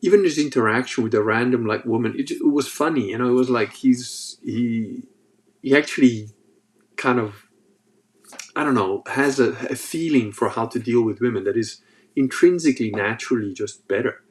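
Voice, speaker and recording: A man hosts a podcast in an easygoing monologue. He rambles through stories in a mid-pitched voice, peppered with swearing and fillers. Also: moderate pace. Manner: rambling, profane, lots of fillers. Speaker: podcast host. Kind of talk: casual monologue.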